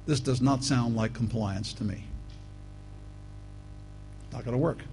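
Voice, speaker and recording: A man's voice: medium pitch, unhurried, long pauses, faint music behind, low-quality recording. Emphatic preacher man reading scripture. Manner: emphatic, rising to loud bursts; addresses listeners as folks.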